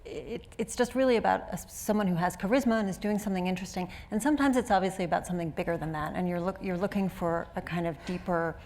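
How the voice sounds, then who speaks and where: A woman moderating a panel discussion, asking measured, thoughtful questions. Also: on the low side, a little mellow. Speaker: moderator and editor.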